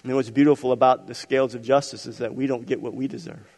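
A man preaches a sermon from the pulpit, his delivery rising to loud emphatic peaks and sinking to hushed, intimate stretches. His voice sits at an ordinary middle pitch. A long reverb hangs in the large sanctuary around him. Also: steady tone, fast, creaky. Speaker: pastor.

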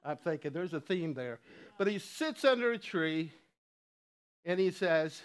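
Slow-talking man giving a chatty sermon. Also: fairly high pitch, lively intonation, smooth. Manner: conversational, chuckling, many asides. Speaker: lay preacher.

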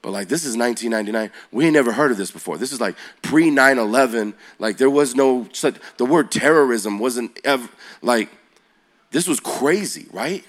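A man's voice: medium pitch, normal speed. A man in his forties preaching to young people, telling a story in a loose, slangy way and asking them questions. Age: 40s. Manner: animated, slangy, asks the audience questions. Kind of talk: youth sermon storytelling.

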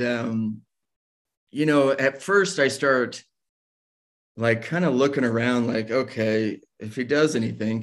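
A man casually telling a personal life story, self-deprecating, with laughs while he tells it. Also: medium pitch.

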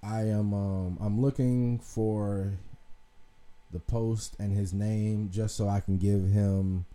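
Mellow casual man talking commentary. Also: on the low side, little pitch movement, slow pace. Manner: conversational, swears freely, trails off and restarts. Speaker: podcast host.

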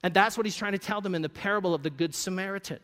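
A man's voice: high voice, racing, fairly bright tone. A man preaching a sermon, conversational and joking with the congregation. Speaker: pastor. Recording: long reverb of a church hall.

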